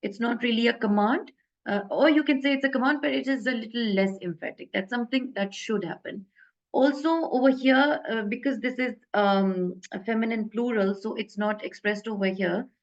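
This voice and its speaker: A woman's voice: fairly high pitch, normal speed, highs cut off. A woman teaching an Arabic grammar lesson in a casual, hesitant way, full of fillers and self-corrections.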